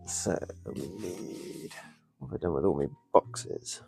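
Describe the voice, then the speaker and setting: A man's voice: low-pitched, takes it slowly, vocal fry, dark tone, faint music behind. A man chatting casually on a live stream while he builds a model, muttering as he works and answering viewers. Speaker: model railway hobbyist streamer.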